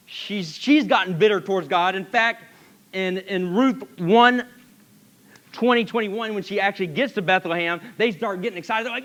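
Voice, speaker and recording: A man's voice: sits high, moderate pace, a bit bright. A man preaching a sermon as pastor, telling the story with animation and asking the congregation questions.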